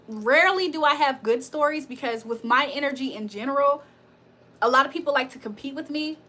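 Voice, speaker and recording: A woman's voice: sits high, sharp tone. A woman hosting a tarot livestream, telling stories in a casual, chatty way, laughing often and swearing freely. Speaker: tarot reader and livestream host. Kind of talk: casual livestream storytelling and chat.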